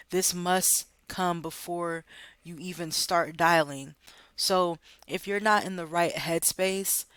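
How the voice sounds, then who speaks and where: A man's voice: on the high side, bright, forceful tone, clean tone, dry recording. Upbeat man coaching sales in a dry room. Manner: upbeat, encouraging, addresses viewers as guys. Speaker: life insurance sales trainer. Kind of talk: casual training video. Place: home office.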